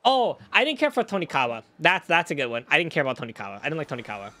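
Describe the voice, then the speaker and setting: A man's voice: on the high side, wildly swooping pitch, rapid-fire, bright, forceful tone, no echo. A man streaming live, chatting casually and rambling. He swears freely and breaks off to react to chat. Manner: rambling, profane, reacting to chat mid-story.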